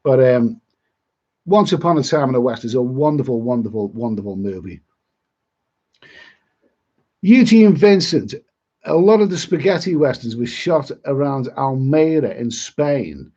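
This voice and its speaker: Rambling middle-aged man, husky. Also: medium pitch, expressive, a little slow, pauses often, warm tone. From Liverpool, England. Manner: rambling, repeats words and restarts often. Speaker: travel vlogger reading live chat. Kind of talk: casual live-stream chat. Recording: dull lo-fi stream audio.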